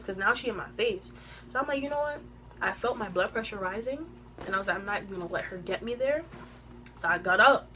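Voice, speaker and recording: On her own channel, a twenty-one-year-old woman shares a laid-back storytime, snacking as she talks into her phone camera. Her voice sits in the mid-range, and she's lively and heavy on slang.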